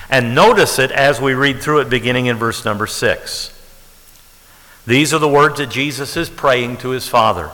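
A man's voice: mid-range voice, pushed and bright. Conversational preacher man in a reverberant hall. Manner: conversational preaching, slows to stress scripture. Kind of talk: sermon. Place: church sanctuary.

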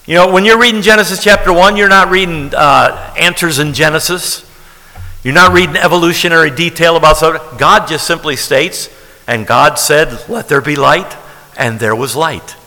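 A man's voice: fairly high pitch, normal speed, pushed and bright, long reverb tail, rough recording. A man preaching a sermon as pastor, talking in a conversational way and repeating key phrases for emphasis.

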